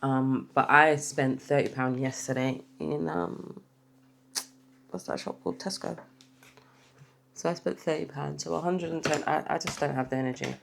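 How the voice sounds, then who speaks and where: A woman's voice: rumbling low, vocal fry, background noise. A woman from England chatting casually through her weekly cash budget, tired and rambling. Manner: rambling, chatty, talks while counting cash. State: tired, yawning. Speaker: budgeting vlogger. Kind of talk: casual budget vlog chat.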